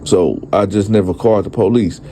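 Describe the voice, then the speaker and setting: A man quoting a lonely old man who talks in hesitant, halting phrases. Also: fairly low pitch, dark tone, breathy edge. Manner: hesitant, stammering.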